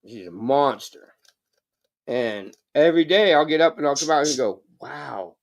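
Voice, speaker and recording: A stoned man talks loosely and rambles, swearing as he goes. His pitch rides a touch high and bounces around a lot. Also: expressive, normal speed. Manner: rambling, swearing, laid-back. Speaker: live streamer. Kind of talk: casual chat.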